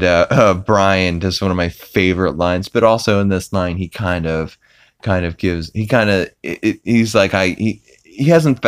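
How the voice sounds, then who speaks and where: A man's voice: low-pitched, dry recording. A man hosting a podcast, recapping an episode in a casual, rambling way with many fillers and restarts. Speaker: podcast host.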